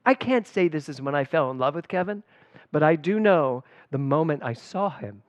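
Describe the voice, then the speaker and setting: A middle-aged man, a spiritual director, giving a conversational sermon at a church service, telling personal stories with lively emphasis. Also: on the high side, moderate pace, no echo. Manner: animated and personal, storytelling with emphatic swings.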